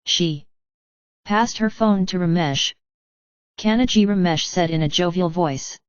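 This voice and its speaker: A woman reading an audiobook in scripted narration, voicing every character in the same even narrating voice. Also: on the low side, normal speed, smooth, dry recording, highs cut off.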